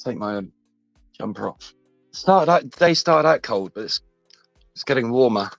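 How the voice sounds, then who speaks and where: A man telling a personal story in casual chat, halting and restarting often. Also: medium pitch, expressive, vocal fry, dry recording. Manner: rambling, halting, many restarts. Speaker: guest. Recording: dull lo-fi sound, faint music behind.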